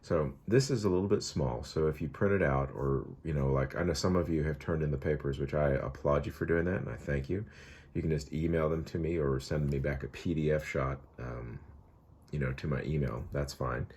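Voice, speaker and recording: A middle-aged man, a Spanish teacher, giving a recorded online lesson in a relaxed, chatty way with many fillers. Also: rumbling low, fairly quick, breathy edge.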